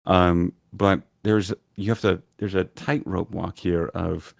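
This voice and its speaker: A man's voice: sits low, steady tone, slow, vocal fry, no echo, studio quality. A man being interviewed on a podcast, talking thoughtfully and hesitantly with many ums. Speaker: podcast guest, lore video creator. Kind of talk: casual interview chat.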